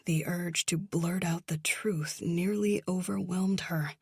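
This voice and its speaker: A woman narrating a thriller audiobook in a slow, measured, somber manner, close to the mic. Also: fairly low pitch, fairly even intonation, creaky, husky, dry recording. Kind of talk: scripted narration.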